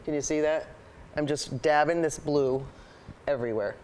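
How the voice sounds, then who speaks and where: A woman's voice: low voice, moderate pace, a little mellow, a little hiss or hum. A woman hosting a live painting lesson, chatting eagerly and thinking aloud as she paints. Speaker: painting show host and art teacher.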